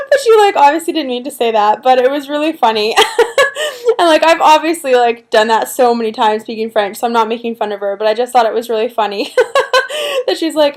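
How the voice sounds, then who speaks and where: A woman's voice: sits high, expressive, moderate pace. A woman from Canada chatting casually to her laptop at home, rambling with lots of fillers and frequent laughs. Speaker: vlogger. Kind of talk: casual chat to camera. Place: at home, seated with a pillow at her back. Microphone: laptop built-in mic, laptop on her lap.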